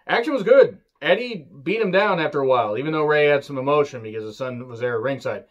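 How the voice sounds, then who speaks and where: A man's voice: fairly high pitch, lively intonation, fast talker, lo-fi sound. A man giving a casual, opinionated review, ranting, swearing and joking sarcastically, with sudden bursts of emphasis. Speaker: wrestling reviewer.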